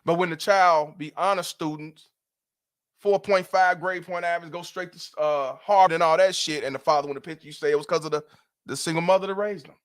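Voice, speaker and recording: A man's voice: a little high, steady tone, a little fast, a bit bright, clean tone. A middle-aged man hosting a livestream, ranting in a blunt, profane and emphatic way. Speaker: host. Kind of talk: livestream commentary rant.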